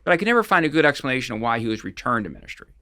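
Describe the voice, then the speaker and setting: A middle-aged man talks through cases as a guest on an interview show, circling back and restarting his sentences as he goes. His voice is gravelly and bright. It is recorded close and dry, with no room around it. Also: medium pitch, big pitch swings, very fast, no echo. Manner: rambling, with frequent restarts and fillers. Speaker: guest expert on financial fraud. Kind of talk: casual interview storytelling.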